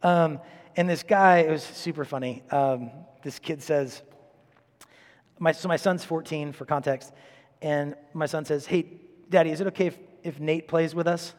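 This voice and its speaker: A man in his forties, a priest, preaching a sermon in a chatty, animated storytelling manner. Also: on the high side, moderate pace. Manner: chatty, animated storyteller, quotes people in voices. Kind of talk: sermon with personal stories. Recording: long hall reverb.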